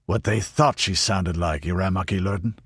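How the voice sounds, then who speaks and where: A man's voice: deep voice, normal speed, a bit bright, slightly rough, no room sound, heavily acted. A man voicing an older veteran soldier, dry and derisive.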